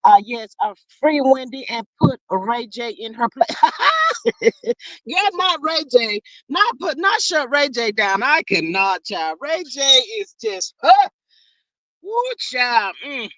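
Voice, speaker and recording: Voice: slow, dry recording, low-quality recording. Folksy livestream host calling everyone honey. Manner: folksy and chatty, calls viewers honey and child; animated, with sudden jumps in pitch and bursts of speed. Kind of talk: casual chat, reading out live chat comments.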